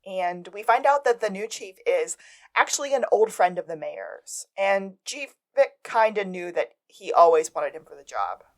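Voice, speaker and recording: A woman co-hosting a podcast, recapping a TV episode in casual chat and jumping up in pitch to quote characters. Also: moderate pace. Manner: expressive, swoops up for quoted lines. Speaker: podcast co-host.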